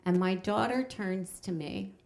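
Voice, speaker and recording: A middle-aged woman telling a personal story on stage before an audience, wry and animated, slowing down to land each punchline. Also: medium pitch, gravelly. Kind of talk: live storytelling performance.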